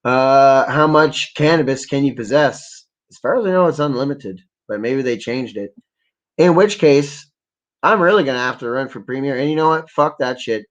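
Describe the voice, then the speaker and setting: A man's voice: medium pitch, moderate pace. A man from Ontario, hosting a livestream and ranting with constant swearing and rambling asides. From Ontario, Canada. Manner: angry, profanity-laden, rambling. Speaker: livestream host. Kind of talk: profane ranting commentary.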